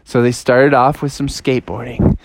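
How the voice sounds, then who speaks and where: A woman telling a playful, improvised story to a child, in a lively storytelling manner. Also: rumbling low, normal speed, background noise.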